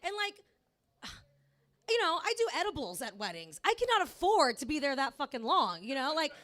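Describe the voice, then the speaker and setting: A woman's voice: high voice, big pitch swings, normal speed, fairly bright tone. A woman doing stand-up comedy in a club, talking in a chatty way with lots of "like" and swearing. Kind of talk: stand-up set.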